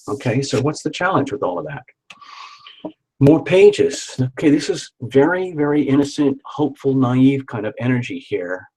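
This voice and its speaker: A man's voice: medium pitch, darkish tone, husky, poor audio. A man doing a live tarot reading, chatty and encouraging, who repeats words for emphasis. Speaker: tarot reader.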